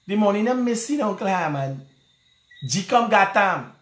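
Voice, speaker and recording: A man's voice: high-pitched, animated, normal speed, echoey room. A man speaking Guyanese Creole, joking and rambling in casual political commentary, addressing the listener directly.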